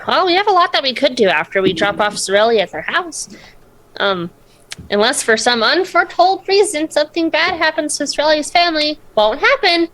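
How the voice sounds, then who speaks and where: A woman's voice: sits high, animated, a little fast, fairly bright tone, a little hiss or hum. A woman player in a tabletop game, chatty and hesitant, correcting herself. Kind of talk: casual tabletop play.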